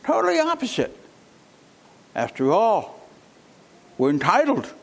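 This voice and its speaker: A man's voice: high voice, wildly swooping pitch, a little slow, creaky. A man preaching a sermon, emphatic and fond of rhetorical questions.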